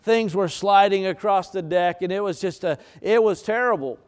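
A male pastor preaches a sermon in a fairly high voice that's smooth and resonant. He builds his points through repetition and dramatic pauses, with occasional fillers and restarts.

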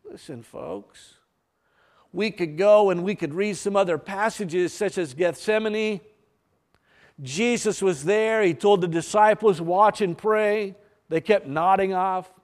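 A man preaching a sermon with fervor, rising to loud emphatic peaks and dropping to quiet, low passages, with halting restarts.

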